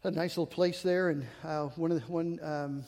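A middle-aged man preaching a sermon with a fairly high voice. He speaks earnestly and tells personal stories with self-deprecating humor. His voice carries a long reverb, as if he were in a church hall. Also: fairly even intonation, a little fast, darkish tone. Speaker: pastor.

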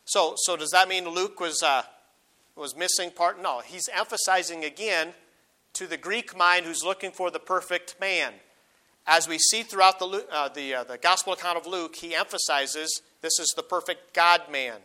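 A middle-aged male pastor preaches an earnest sermon with a very bright, forceful tone. His voice sits a little higher than most men's. He slows and lifts his voice on every scripture he reads aloud. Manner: earnest, slows and rises on quoted verses.

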